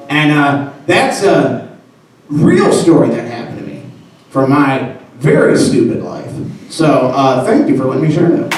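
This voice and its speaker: A man's voice: on the high side, big pitch swings, unhurried, distant mic. Man storyteller on stage, rambling, self-mocking, picked up from afar in an echoey room. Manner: rambling, self-deprecating, full of "you know" and "like". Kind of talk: live personal storytelling. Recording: roomy hall heard from afar.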